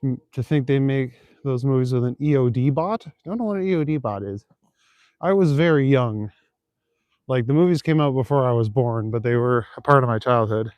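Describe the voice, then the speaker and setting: A young livestreamer chats with viewers while walking city streets at night, responding to their comments in a loose, rambling way with frequent fillers and chuckles. His mid-range voice is fairly quick, and the recording is dry and lo-fi.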